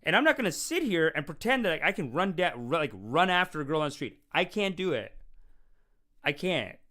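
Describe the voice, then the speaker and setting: A young man hosting a casual call-in show, rambling and animated, often restarting his sentences and acting out quotes. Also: a little high, fairly quick. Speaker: show host and self-styled spiritual teacher. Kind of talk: casual livestream call-in talk.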